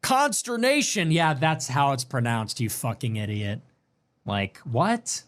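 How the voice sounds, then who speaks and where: A man hosting a livestream, reading and answering viewer messages in a sarcastic, mocking way that swings between loud outbursts and low mutters. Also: lively intonation, slow. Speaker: livestream host. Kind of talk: livestream commentary reading super chats.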